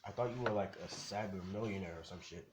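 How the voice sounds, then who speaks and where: A man's voice: lowish voice, quick pace, very noisy, close to an everyday voice. A man voicing a blunt, suspicious, streetwise hired strongman who swears freely.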